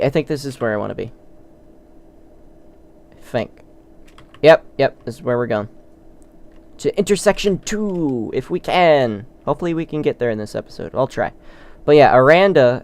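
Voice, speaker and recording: A man chats loosely as he plays a let's play for his viewers, excitable one moment and self-deprecating the next. He has a smooth, clear voice pitched in the middle range, like a casual gaming host.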